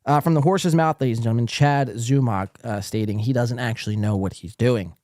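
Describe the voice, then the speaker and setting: A man's voice: medium pitch, brisk, a little mellow, dry recording, studio quality. A man hosting a podcast, giving sarcastic, laughing commentary on clips he plays. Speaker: podcast host. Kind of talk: mocking commentary over played clips.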